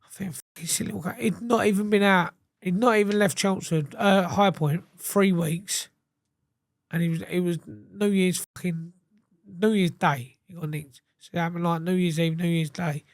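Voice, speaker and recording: A man's voice: high-pitched, fairly even intonation, normal speed, dry recording. A man tells his story as an interview guest, in a casual, blunt and sweary way. He often slips into the voices of the people he quotes. The sound is dry and close, with little room around it. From England.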